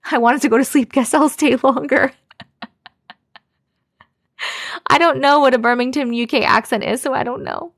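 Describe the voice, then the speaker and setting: Woman host, higher voice, dry close sound, reads spooky stories to her chat with big reactions. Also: normal speed, long pauses, dry recording. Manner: expressive, reacts with gasps and laughs between reading. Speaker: live stream host reading viewer stories. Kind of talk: casual live stream chat and story reading.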